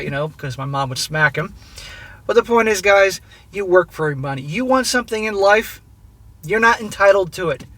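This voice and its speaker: Foul-mouthed 40s dude from southern california giving life advice, highish voice, keeps saying guys. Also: male voice, pushed and bright. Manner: blunt and profane, keeps addressing "guys". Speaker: advice channel host. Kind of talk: casual advice monologue.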